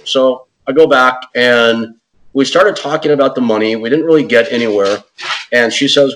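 Animated man telling a story. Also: medium pitch, normal speed, a little hiss or hum, poor audio. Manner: animated, acts out quotes in other voices; says "man" and "dude" often. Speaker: interview guest; podcast host. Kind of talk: casual storytelling.

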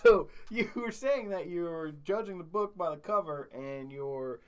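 A man's voice: high voice, a little slow, smooth. A man in casual banter, crude and teasing, cross-questioning his co-host.

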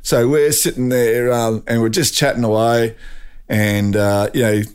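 An older man with an Australian accent, a guest telling a rambling, animated anecdote full of restarts. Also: mid-range voice, a little slow, smooth. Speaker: guest, retired drag racing champion. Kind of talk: storytelling anecdote.

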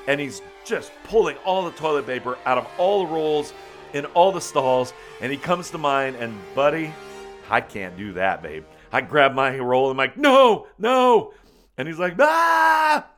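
A man telling a funny personal story in a folksy, animated way, calling people man and buddy, with faint music behind him. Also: mid-range voice. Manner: animated, bursts into loud excited retelling.

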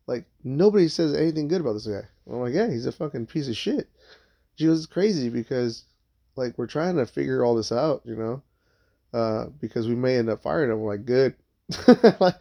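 Over dull lo-fi audio, a man with a creaky, warm, medium-pitched voice rambles through a story from work. His telling is casual and profane, and he acts out the quoted voices of others.

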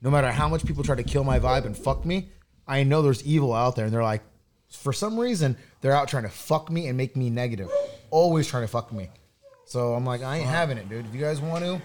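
A man's voice: medium pitch, a little mellow, slight background noise. Rambling profane man telling a story. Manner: rambling, profane, stumbling restarts. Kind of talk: casual storytelling chat.

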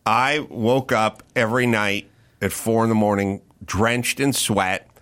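A man hosting a podcast, telling a profane, animated story in a casual chat. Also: on the low side, unhurried. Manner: profane, animated anecdote with acted-out quotes. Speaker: podcast host.

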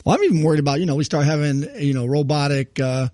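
A man chatting on a casual podcast, chuckling and adding quick asides. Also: on the high side, dark tone, no echo, studio quality. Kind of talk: casual chat.

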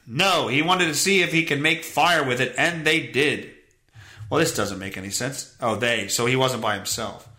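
Sarcastic, swearing podcast host, bright voice. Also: male voice, mid-range voice, measured pace, reverberant. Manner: sarcastic, swears often, mocks the stories he reads. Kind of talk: profane comedic news commentary.

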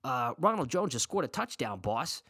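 A man's voice: mid-range voice, very animated, normal speed, pushed and bright, husky, no echo, clean studio sound, exaggerated voice. A man voicing a nervous, fawning 1930s mafia henchman who stammers out apologetic reports to his boss.

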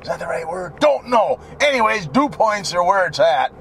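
Rambling wisecracking man, lively high voice. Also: moderate pace, a little hiss or hum. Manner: rambling, wisecracking, swears freely. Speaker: vlogger. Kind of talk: casual driving vlog. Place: inside a truck while driving.

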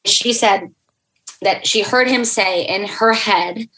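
A young adult woman speaks as a podcast guest, telling a personal story in an earnest, halting way. She restarts her sentences and fills pauses with "um" as she goes. Her pitch sits in a middle range. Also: sharp tone, low-quality recording.

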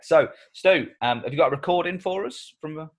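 A man's voice: on the high side, animated, a little fast, a loud crowd. A young Englishman hosting a casual comedy podcast, teasing and giggly. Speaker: podcast host. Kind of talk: casual chat.

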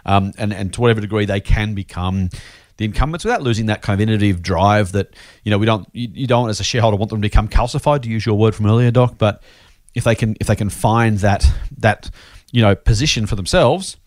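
A man's voice: lowish voice, quick pace, no room sound, clean studio sound. A man co-hosting a casual investing podcast. He is chatty and self-deprecating and often repeats his words. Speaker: podcast co-host.

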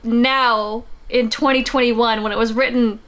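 A woman's voice: on the high side, fairly even intonation, a little slow, a bit bright. A woman guest on a casual comics podcast, chatty and rambling with lots of fillers. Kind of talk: casual chat about comics.

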